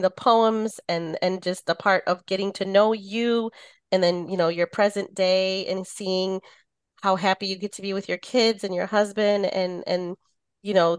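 A woman's voice: mid-range voice, clean tone, no room sound. A woman hosting a podcast who chats casually, heaping praise on her guests with lots of fillers. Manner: warm, effusive, rambling praise with many fillers. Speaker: podcast host. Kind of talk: casual interview chat.

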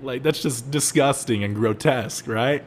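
Young male podcast host, animated storyteller, mid pitch, faint rumble under the voice. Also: normal speed. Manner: animated, laughing, rising to loud exclaims.

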